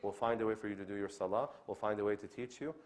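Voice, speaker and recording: A man's voice: lowish voice, fast. A man giving a religious lecture to an audience, often checking in with "okay?" and acting out the lines of the people he describes. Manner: animated, acts out quoted speech. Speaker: Islamic lecturer. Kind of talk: lecture on inviting others to Islam.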